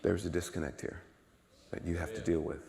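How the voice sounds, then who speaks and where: A man preaching a sermon in a church, emphatic and repetitive, swinging from low murmurs to loud exclamations. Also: steady tone, a little fast, vocal fry, long reverb tail. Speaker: guest preacher. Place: church sanctuary.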